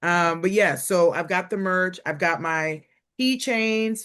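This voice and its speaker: A woman's voice: on the low side, moderate pace, fairly bright tone. A woman hosting a comedy review show in a loose, chatty way. She rambles playfully and jokes with her guest. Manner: chatty, playful, self-promoting. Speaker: host. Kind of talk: casual chat.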